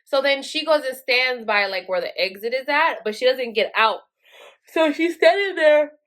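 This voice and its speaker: A woman's voice: on the high side, lively intonation, normal speed, bright, forceful tone. A woman telling a story in a casual, chatty way, swearing often and filling her speech with "like". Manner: chatty, profane, full of "like" fillers. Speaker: vlogger.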